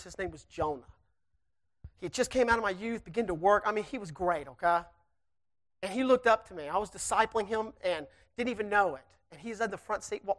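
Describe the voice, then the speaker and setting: A man preaching a sermon, moving between conversational storytelling and loud emphatic preaching. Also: sits high. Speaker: guest preacher.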